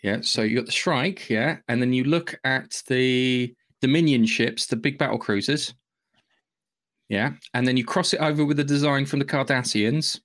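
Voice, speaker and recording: A man co-hosting a podcast in casual chat, talking quickly in asides and checking in with "yeah?", with the odd swear. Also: medium pitch, fairly bright tone. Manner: chatty, punctuates with "yeah?", swears. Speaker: podcast co-host.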